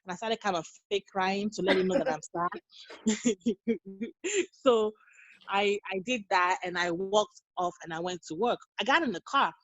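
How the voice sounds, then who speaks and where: A woman's voice: mid-range voice, moderate pace, fairly bright tone, no room sound, dull audio. A woman in her thirties, a guest on a podcast, talking earnestly and telling stories in a casual interview. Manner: earnest, storytelling, acts out quoted dialogue. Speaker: guest, nurse and mother.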